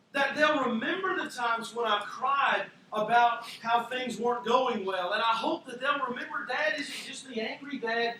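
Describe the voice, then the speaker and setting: A man's voice: very high-pitched, bright, forceful tone. A man preaching a sermon as pastor, conversational with self-deprecating asides. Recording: echoey hall from far off, faint noise.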